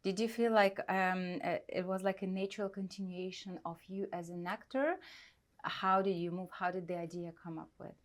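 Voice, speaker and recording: A woman's voice: lowish voice, level tone, fast talker. A woman hosting an interview, asking hesitant, rephrased questions and nodding along with frequent backchannels. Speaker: host.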